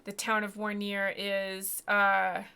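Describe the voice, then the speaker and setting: A woman's voice: medium pitch, monotone, slow pace, creaky, sharp tone, smooth. A woman narrating as game master of a tabletop game, rambling and self-deprecating, with many fillers and restarts.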